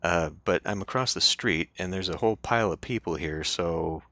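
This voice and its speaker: A man's voice: low-pitched, normal speed, bright, forceful tone, no room sound. A man voicing a pushy middle-aged male city cop with a thick Brooklyn accent, reading a game aloud. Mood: brusque.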